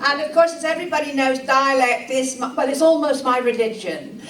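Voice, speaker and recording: A high-voiced woman with a Cornish accent tells stories in a chatty, laughing way. Her voice rings through an echoey room, picked up from well away from the mic on old archive footage. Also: brisk, fairly bright tone, far from the mic. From Cornwall. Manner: chatty, laughing between anecdotes. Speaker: storyteller. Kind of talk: live storytelling.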